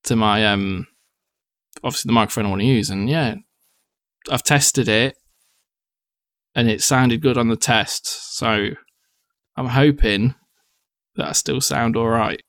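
A man's voice: medium pitch, a little slow, long pauses, fairly bright tone, no room sound, clean studio sound. A young man, co-hosting a casual podcast chat, talkative and swearing freely. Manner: chatty, swears casually, acts out quotes. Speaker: podcast co-host.

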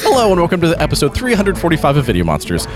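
A man co-hosting a podcast, chatting casually in an animated, rambling way. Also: on the high side, very fast, loud music behind the voice. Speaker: podcast co-host. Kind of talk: casual chat.

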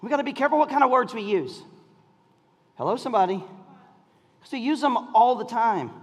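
Middle-aged male pastor, husky and high, sermon with long hall reverb. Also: fairly quick. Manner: storytelling, animated, often laughing and shouting.

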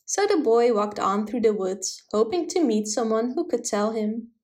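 A woman narrating a fairy tale in a steady, gentle storytelling manner. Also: on the high side, moderate pace. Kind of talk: storybook reading.

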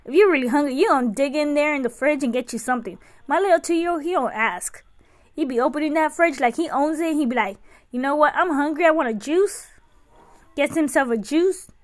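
A woman's voice: sits high, fairly quick. A woman hosting a podcast, chatting casually and telling stories about raising her kids. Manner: chatty, anecdotal storytelling. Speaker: podcast host and mother. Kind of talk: casual chat.

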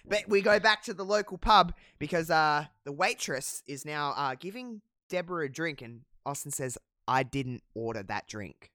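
A man's voice: fairly high pitch, moderate pace, hardly any pauses, pushed and bright, dry recording, studio quality. A man casually recapping a wrestling show as a podcast co-host, chatty and profane, with lots of fillers. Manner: chatty, profane, many fillers, laughs at own jokes. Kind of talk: casual chat.

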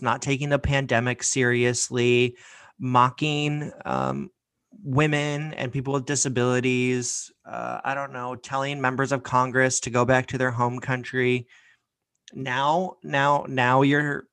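A man's voice: mid-range voice, a bit bright, no room sound. A man hosting a podcast, giving a heated, sarcastic opinion rant full of profanity. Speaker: podcast host.

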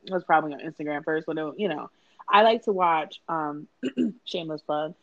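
A woman's voice: deep voice, brisk, fairly bright tone, no room sound, lo-fi sound. A woman co-hosting a podcast in casual chat, swearing freely, laughing often and acting out the people in her stories. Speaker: podcast co-host.

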